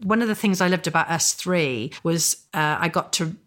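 A middle-aged Welsh woman, an author and actor, chatting as an interview guest and telling stories with animated character voices. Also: fairly low pitch, moderate pace. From Wales. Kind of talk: casual interview chat.

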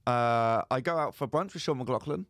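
A man's voice: medium pitch, moderate pace, a bit bright, no room sound, studio quality. A young man co-hosting a podcast, telling a comic story and acting out both sides of phone calls. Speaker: podcast co-host. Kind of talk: casual storytelling chat.

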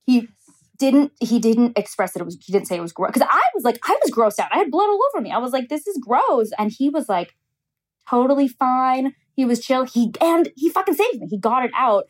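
A woman's voice: sits high, lively intonation, fairly quick. A young woman hosting a podcast, telling a personal story in casual chat, candid and profane, laughing often.

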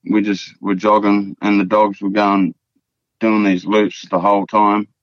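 A low-pitched Australian man from the Northern Territory tells his story in a casual, rambling way, circling back on his words and swearing freely. The audio is dry and a little muffled, like a lo-fi podcast recording. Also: little pitch movement, unhurried, dry recording. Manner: rambling, profane, repeats words and fillers. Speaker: guest.

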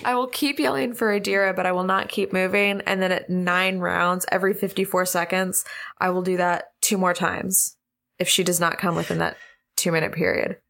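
Bright-voiced woman player with gravelly edge. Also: on the low side, fairly even intonation, slight background noise. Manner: deliberate, giggly. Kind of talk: tabletop game play.

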